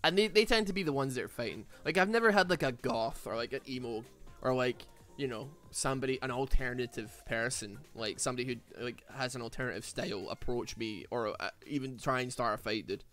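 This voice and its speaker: A man's voice: mid-range voice, a little fast, a bit bright, faint music behind. A young man with a Glaswegian Scottish accent, chatting casually while playing a game, rambling with lots of "like", "man" and "dude". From Glasgow, Scotland. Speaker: streamer. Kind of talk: casual chat while gaming.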